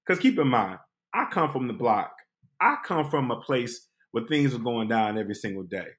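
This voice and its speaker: A man tells a funny story from his own life, animated and lively, leaning into each scene. His pitch sits mid-range, and he slips into voices for the people in it. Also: moderate pace. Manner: animated, acts out voices and quotes. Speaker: podcast host. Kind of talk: comic storytelling.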